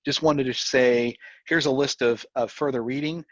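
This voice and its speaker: Guy rushing through a software demo, kinda husky, muffled dry meeting audio. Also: mid-range voice, steady tone, dry recording. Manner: fast, rambling, restarts often. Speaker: presenter. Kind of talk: live software demo talk.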